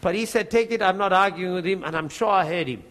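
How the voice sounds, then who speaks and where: A middle-aged man preaching a testimony, telling a story with lively acted-out dialogue. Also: sits high, fast talker. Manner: animated storyteller, acts out both sides of dialogue.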